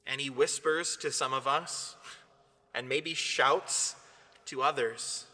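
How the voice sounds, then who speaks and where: Bright-voiced priest in a reverberant hall. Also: male voice, medium pitch, fairly even intonation. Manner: earnest, measured, reflective. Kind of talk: spoken devotional reflection.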